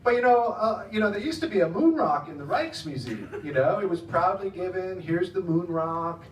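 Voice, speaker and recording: A man's voice: sits high, very animated, a little fast. American man doing rambling stand-up. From United States. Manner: rambling, chatty, laughs at his own jokes. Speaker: stand-up comedian. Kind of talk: stand-up comedy set. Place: comedy club stage in the Netherlands. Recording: echoey room from some distance, faint noise.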